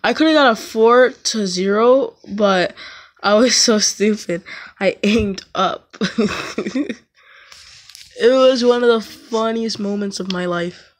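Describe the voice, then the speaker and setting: A woman chatting casually over gameplay at home, slangy and prone to sudden excited yelps. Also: mid-range voice, takes it slowly, pauses often. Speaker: gaming YouTuber.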